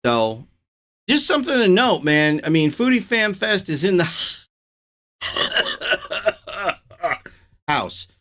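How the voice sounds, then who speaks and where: A man with a fairly high-set voice hosts his own show in a loose, casual chat. He reacts and rants with strong opinions and sounds animated and outspoken. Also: very slow, long pauses. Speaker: host.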